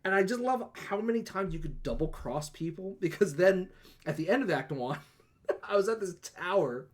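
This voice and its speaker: A man on a gaming podcast tells his playthrough with a lively, swinging voice that sits a little high. He swears casually and throws in bits of character dialogue as he goes. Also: normal speed. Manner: animated storyteller, swears freely, acts out dialogue. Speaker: podcast co-host.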